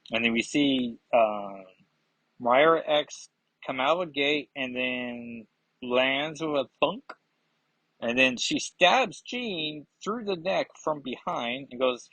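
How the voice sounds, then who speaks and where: A man's voice: medium pitch, expressive, slow, fairly bright tone, dry recording, dull audio. A man casually reviewing a comic book, rambling with frequent fillers and self-corrections.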